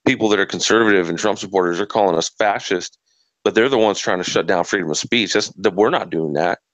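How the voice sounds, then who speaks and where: A man's voice: sits low, quick pace, fairly bright tone, dry recording. A man in casual political chat, earnest and opinionated, often adding "man" to his sentences. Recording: dull lo-fi sound, dry.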